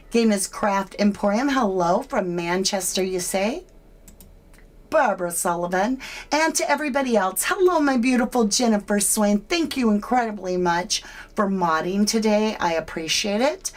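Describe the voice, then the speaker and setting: Slow-talking woman hosting a true crime stream. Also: medium pitch. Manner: chatty, opinionated, greets viewers by name. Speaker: true crime livestream host. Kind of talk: casual livestream commentary.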